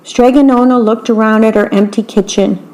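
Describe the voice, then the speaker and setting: A woman reading picture books aloud in a gentle, unhurried way, describing the pictures as she goes. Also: on the high side, steady tone, low-quality recording. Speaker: storyteller.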